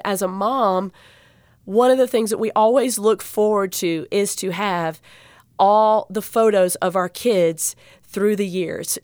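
A woman tells a heartfelt story as an interview guest, animated and near tears. Her voice sits in the middle range and sounds dry and close. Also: medium pitch, dry recording. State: choked up. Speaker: guest speaker.

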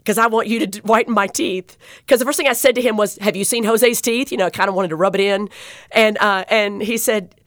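A woman who works as a dental assistant, telling a personal patient story in an interview, heartfelt and animated, with many fillers and restarts. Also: mid-range voice, a little fast, no echo, clean studio sound.

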